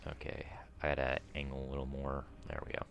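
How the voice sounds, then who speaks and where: A man hosts a let's play in a rumbling low, monotone, creaky voice at a quick pace. He chats casually and rambles through trivia as he plays, yelping whenever he fails in the game.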